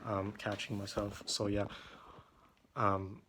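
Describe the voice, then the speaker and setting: Deep-voiced young man, hesitant and flat. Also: a little hiss or hum. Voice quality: deep voice that cracks at times. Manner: hesitant, halting, with many fillers and restarts; irritated, venting. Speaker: vlogger. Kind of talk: casual monologue. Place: room at home.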